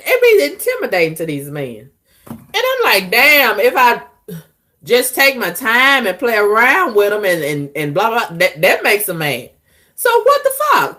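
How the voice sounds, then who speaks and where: A woman's voice: medium pitch, a bit bright. A woman vlogger, bluntly and profanely telling her dating stories, laughing often. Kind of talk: candid storytelling monologue.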